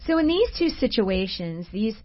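A woman's voice: medium pitch, big pitch swings, normal speed, highs cut off. A woman co-hosting a Christian radio talk show in a studio, telling stories about friends in an earnest way with frequent fillers. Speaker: radio show co-host and coach. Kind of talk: faith-based radio talk.

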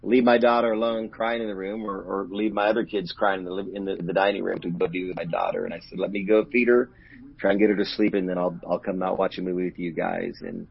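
A middle-aged male pastor with a low, gravelly, husky voice, speaking earnestly and openly about hurt in an interview. The audio is dull and lo-fi. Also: fast talker. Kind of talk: candid personal storytelling in an interview.

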